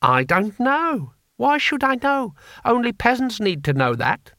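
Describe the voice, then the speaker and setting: Man doing a timid taxman, fussy, high voice, anxious, storybook figure. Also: big pitch swings, unhurried, pushed and bright, dry recording, studio quality, heavily acted. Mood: anxious, prim.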